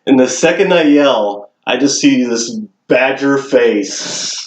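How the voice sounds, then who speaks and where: A man's voice: medium pitch, slow pace. Man, podcast co-host, casual story, laughs a lot, swears, roomy sound. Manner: laughs often, swears, animated retelling.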